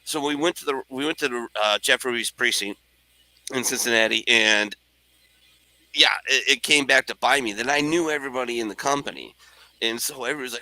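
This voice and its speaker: Bright-voiced man telling a story. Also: medium pitch, brisk, no room sound, rough recording. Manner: animated, jokey, acts out voices in his stories. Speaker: podcast host. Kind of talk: casual storytelling chat.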